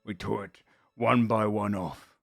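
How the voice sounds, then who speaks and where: A man plays a hulking, gruff arena warrior who talks in short, clipped lines, low and quiet. The voice is lowish and sits in a dry room with soft music behind it. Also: steady tone, measured pace, no room sound.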